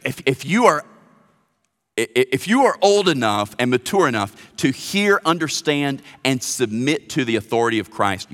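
Male pastor preaching in a church sanctuary, lively swooping delivery, stumbling restarts, long hall reverb. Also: medium pitch. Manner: animated preaching with stammered restarts. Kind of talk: sermon.

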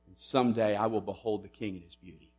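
A man preaching a sermon, emphatic, rising loud on questions and dropping to a hush on key lines. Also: fairly low pitch, fairly even intonation, fast, husky, soft background music. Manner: emphatic, swings between loud and hushed. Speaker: pastor.

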